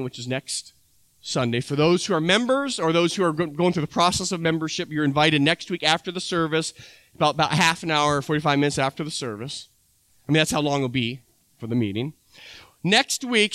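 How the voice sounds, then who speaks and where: Pastor, man, high bright voice, chatty preaching style, dry sound. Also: clear, resonant tone, no echo. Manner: conversational, acts out little dialogues. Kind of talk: sermon.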